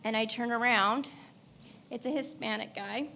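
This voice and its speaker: Tearful woman giving a high-voiced eulogy. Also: moderate pace, creaky, sharp tone, a little hiss or hum. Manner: emotional, candid storytelling with laughter through tears. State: crying at times. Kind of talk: memorial eulogy. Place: church.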